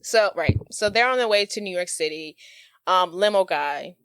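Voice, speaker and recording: A woman's voice: on the low side, lively intonation, normal speed, fairly bright tone, smooth, no room sound. Chatty woman retelling a film. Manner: chatty, laughing, acts out quotes. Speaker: podcast co-host. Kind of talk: casual chat, retelling a movie plot.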